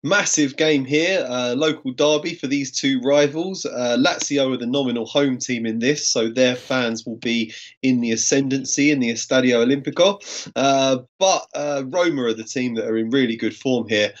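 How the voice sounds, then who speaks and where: A man giving fluent, measured football betting analysis. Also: mid-range voice. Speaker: betting tipster. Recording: dull lo-fi sound.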